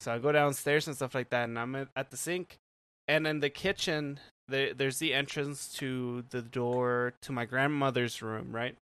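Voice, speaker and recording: A man's voice: mid-range voice, steady tone, normal speed, fairly bright tone, clear, resonant tone, no echo. Young man, podcast co-host, resonant voice, dead dry sound, casual rambling storyteller, laughs a lot. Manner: rambling storyteller, many "like" fillers, laughs often. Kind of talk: casual chat, telling a story.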